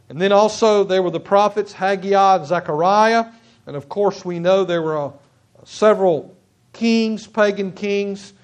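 A high-pitched man preaching from a church pulpit. He speaks in a halting way, restarting phrases and repeating key words for emphasis. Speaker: pastor. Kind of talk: sermon. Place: church sanctuary.

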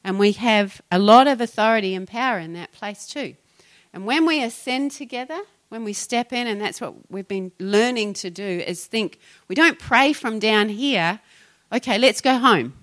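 Middle-aged New Zealand woman pastor, bright tone, chatty and giggly podcast delivery. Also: medium pitch, lively intonation, normal speed. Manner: chatty, laughs often, trails off mid-sentence. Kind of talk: casual Christian podcast talk.

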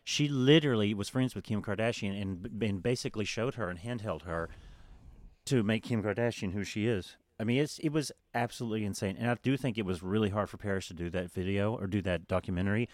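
A man's voice: lowish voice, fast talker, dry recording. A man co-hosting a podcast, chatting casually, swearing freely and quoting people in put-on voices. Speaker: podcast co-host. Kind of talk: casual chat.

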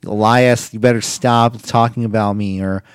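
A man's voice: fairly low pitch, steady tone, moderate pace, smooth, no echo, studio quality, close to an everyday voice. A man doing a whiny, petulant grown man. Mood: petulant threat.

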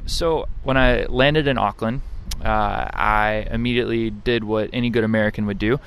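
A man's voice: on the low side, steady tone, normal speed, fairly bright tone, a little hiss or hum. A young man co-hosting a podcast outdoors, chatting casually and laughing often as he tells a travel story. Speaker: podcast co-host. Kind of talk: casual chat. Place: outdoors under trees.

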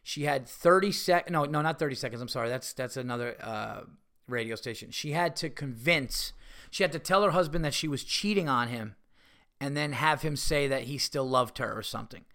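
A man hosting a podcast, telling rambling stories in casual chat. He swears often and gets loud and excitable. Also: medium pitch, normal speed. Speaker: podcast host and comedian. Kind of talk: casual storytelling monologue.

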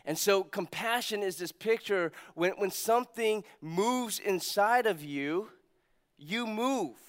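Male pastor preaching, high voice, smooth and resonant, lively storytelling, hushed emphasis. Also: takes it slowly. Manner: animated storytelling, acts out quotes, drops to hushed emphasis. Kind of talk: sermon.

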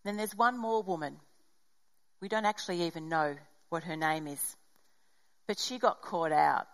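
A woman's voice: fairly low pitch, low-quality recording. A middle-aged woman preaching to a congregation. She tells stories with animation and slips into the voices of the people in them. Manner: animated storytelling, acts out dialogue. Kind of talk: sermon with personal story.

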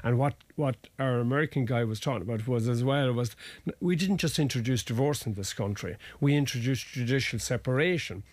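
A man's voice: medium pitch, fairly quick, hardly any pauses, a little mellow, dry recording. Irish male lawyer, chatty and meandering, very dry close sound. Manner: rambling, restarts, folksy asides. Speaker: family lawyer guest. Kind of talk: conversational legal explanation.

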